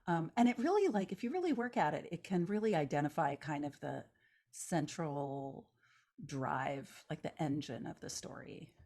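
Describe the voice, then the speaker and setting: A woman's voice: low-pitched, animated, moderate pace, warm tone. A woman co-hosting a casual chat about novel writing, rambling with lots of "like" fillers and frequent laughs. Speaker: podcast co-host, novelist.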